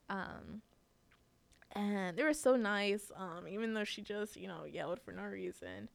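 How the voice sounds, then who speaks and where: Chatty young woman, gravelly voice. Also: mid-range voice, unhurried, no echo. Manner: chatty, many fillers, laughs often. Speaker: podcast host. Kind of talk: casual personal storytelling.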